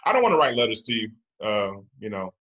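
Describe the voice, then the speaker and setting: A man's voice: fairly low pitch, big pitch swings, quick pace, pushed and bright, dull audio. A man co-hosting a podcast in casual chat, hesitant with many fillers. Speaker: podcast co-host.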